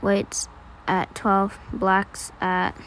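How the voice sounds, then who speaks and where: A woman's voice: medium pitch, completely flat delivery, extremely slow, fairly bright tone, poor audio. Casual young woman, rambling tutorial narrator, faint room hiss. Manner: chatty, self-deprecating, rambling with fillers. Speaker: video editing tutorial creator. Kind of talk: casual screen-recorded tutorial voice-over.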